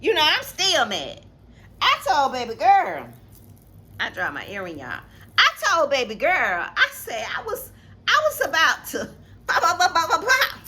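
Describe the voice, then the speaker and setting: A woman's voice: high voice, wildly swooping pitch, unhurried, bright, forceful tone. A woman, telling a personal story in a casual vlog, emphatic and repeating herself. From Atlanta, Georgia, US. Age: 50s. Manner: emphatic, repeats phrases, talks straight to viewers. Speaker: co-host.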